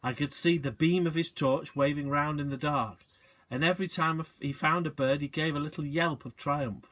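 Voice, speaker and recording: A male teacher reading a children's book aloud, expressive, with short asides to the listeners. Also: fairly high pitch, normal speed.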